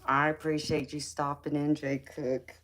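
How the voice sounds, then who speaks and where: A woman's voice: deep voice, flat delivery, unhurried, fairly bright tone. A woman hosting a casual live chat, teasing viewers playfully, laughing often and calling them baby and sweetheart.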